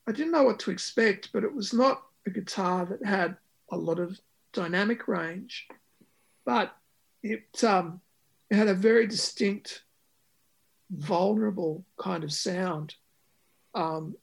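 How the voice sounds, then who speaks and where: A man's voice: high-pitched, measured pace, creaky, husky. A man, a musician talking about his record in an interview, with many ums and restarts. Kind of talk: conversational interview.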